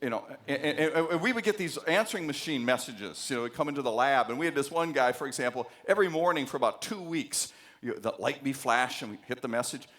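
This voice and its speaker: A man's voice: mid-range voice, animated, quick pace, a bit bright. An American man giving a university lecture on psychology, telling anecdotes with many fillers and acting out the voices he quotes. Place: large lecture hall.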